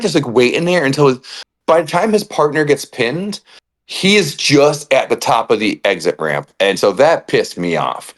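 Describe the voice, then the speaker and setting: A man co-hosting a casual wrestling podcast, telling it in an animated, ranting way and swearing freely. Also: mid-range voice, a little slow. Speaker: podcast co-host.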